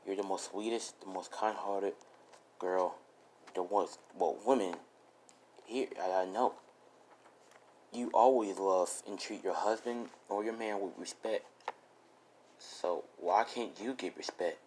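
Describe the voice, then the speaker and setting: Man doing soft-spoken Izuku, tender. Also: a little slow, pauses often, a little hiss or hum. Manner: soft, low murmuring delivery. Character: gentle young man comforting a sad woman.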